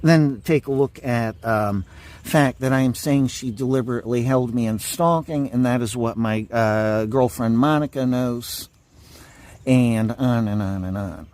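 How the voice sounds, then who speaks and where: A man's voice: mid-range voice, measured pace, a little mellow, no echo. A man delivering an angry, repetitive monologue, insulting and swearing at his listeners. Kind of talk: ranting monologue to camera.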